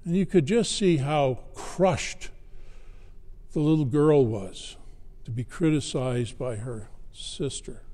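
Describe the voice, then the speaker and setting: Slow, measured preacher in a reverberant hall. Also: male voice, mid-range voice, mellow. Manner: slow, measured storytelling with dramatic pauses. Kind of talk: sermon.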